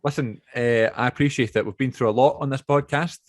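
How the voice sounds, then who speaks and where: A man's voice: medium pitch, fairly even intonation, fairly quick, dry recording, clean studio sound. A young man hosting a podcast over a video call, chatty and rambling, often correcting himself. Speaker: podcast host. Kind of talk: casual chat.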